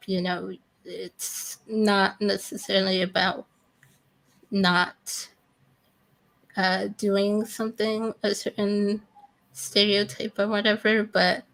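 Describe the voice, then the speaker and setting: A woman's voice: medium pitch, gravelly, poor audio. A woman hosting an interview, rambling with many fillers as she responds to her guest. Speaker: interview host. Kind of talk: casual interview talk.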